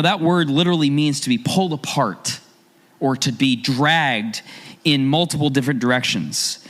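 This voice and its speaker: A man's voice: a little high, fairly bright tone. A man preaching a sermon as a pastor, talking in a conversational way and asking his listeners rhetorical questions.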